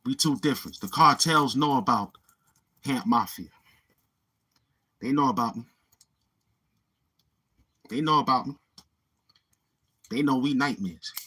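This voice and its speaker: Boastful husky New York man. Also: mid-range voice, a little slow, pauses often, sharp tone. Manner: boastful, taunting street slang. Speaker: livestream host. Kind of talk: live-stream trash talk.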